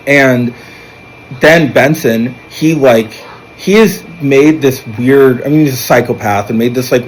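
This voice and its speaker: A man's voice: mid-range voice, slight background noise, poor audio. Rambling man recapping a film plot. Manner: rambling, many fillers and self-corrections. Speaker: film reviewer.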